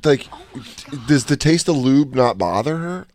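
A man's voice: mid-range voice, animated, unhurried, darkish tone. A man in casual crude banter, giggling and asking probing questions.

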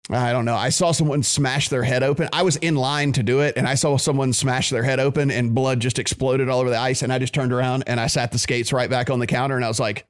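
A man's voice: medium pitch, fairly even intonation, fast talker, hardly any pauses, clean tone. Easygoing man hosting a podcast. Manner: easygoing, playful. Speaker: podcast host. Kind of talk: casual chat.

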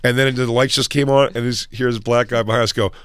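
A man with a bright, forward tone tells stories in a loose podcast chat. He talks with animation and slips into other people's voices. He grew up around Philadelphia. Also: mid-range voice, steady tone, quick pace, clear, resonant tone, dry recording. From Philadelphia area. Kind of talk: casual storytelling chat.

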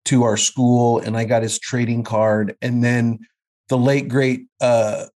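Reminiscing in casual conversation, a Kansas City–area actor in his fifties, appearing as a guest, often restarts and uses plenty of fillers. He speaks slowly in a level, darkish, mid-range voice.

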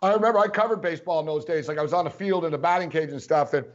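A man's voice: a little high, rapid-fire, lo-fi sound. A man co-hosting a sports podcast, telling rambling anecdotes full of "like" and "you know" in casual chat.

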